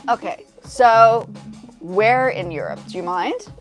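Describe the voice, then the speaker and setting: A young woman who is half South African and now lives in the States chats with viewers on a casual livestream, her light accent and slightly high voice animated but slow. A music composer, she's chatty and hesitant, restarting often and reading comments aloud while her own track plays faintly underneath.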